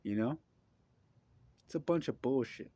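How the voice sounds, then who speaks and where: A man's voice: medium pitch, expressive, measured pace, dark tone, no room sound, highs cut off. A man talking straight to his audience, blunt, profane and preachy, repeating himself and asking the listener if they agree. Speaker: vlogger. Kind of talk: impassioned religious monologue.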